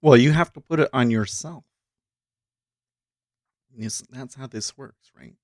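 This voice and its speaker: Unhurried and mid-range, his voice carries casual live commentary as he hosts a day-trading stream and addresses viewers directly. He thinks out loud between remarks at his desk microphone, captured in studio quality without echo.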